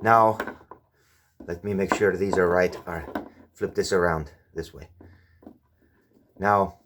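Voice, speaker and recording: A man's voice: low voice, fairly even intonation, slow pace, fairly bright tone, a little hiss or hum. A man giving a casual hands-on explanation with objects, often stopping to ask the viewer whether they see it. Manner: keeps checking with the viewer, repeating "do you see". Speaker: presenter demonstrating with objects.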